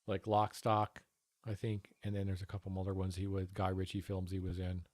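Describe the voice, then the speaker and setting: A man's voice: low voice, monotone, fairly quick, darkish tone, no echo. Profane sarcastic male streamer, dry close mic. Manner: profane, sarcastic, talks over the clip. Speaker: streamer reacting to a news panel. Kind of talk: casual livestream commentary.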